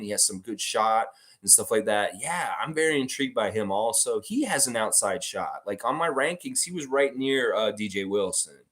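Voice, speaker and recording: A man's voice: on the low side, fairly bright tone. A man hosting a casual live stream, rambling and reading viewer comments aloud. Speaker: livestream host.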